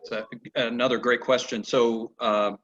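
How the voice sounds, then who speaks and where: A man teaching a horse training lesson over a video call, telling animated stories and acting out the horses' replies. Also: mid-range voice, normal speed. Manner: animated storyteller who acts out horses' replies. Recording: dull lo-fi video call audio.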